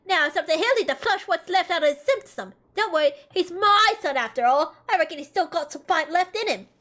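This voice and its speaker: Brash Southern mom, high-pitched and scolding, bossy and no-nonsense, as a woman puts her on. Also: expressive, brisk, fairly bright tone. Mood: brisk. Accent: put-on American Southern. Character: brash, bossy middle-aged mother.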